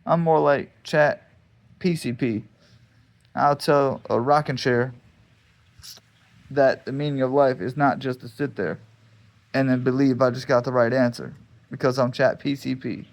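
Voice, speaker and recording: A man's voice: mid-range voice, measured pace, pauses often. A man, an army veteran vlogging in a casual, joking, rambling way, often restarting his sentences outdoors in his backyard. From United States. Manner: joking, wandering, repeats himself, restarts sentences. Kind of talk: casual rambling monologue to camera.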